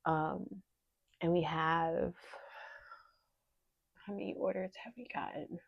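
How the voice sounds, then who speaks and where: Woman, casual vlog talk, emotional and teary, low voice with vocal fry. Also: slow, no room sound, lo-fi sound. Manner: emotional, teary, talks softly at times. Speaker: small business owner vlogger.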